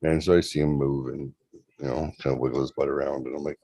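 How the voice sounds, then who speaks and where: A man's voice: very deep voice, little pitch movement, quick pace, creaky, mellow. A man in his forties casually telling a long story on a livestream, loose and profane, with lots of rambling asides. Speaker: show host.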